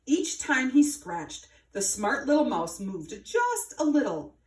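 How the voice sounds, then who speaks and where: Expressive woman reading a children's story. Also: high voice, slow pace, far from the mic. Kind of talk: children's story read aloud. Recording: roomy, from afar.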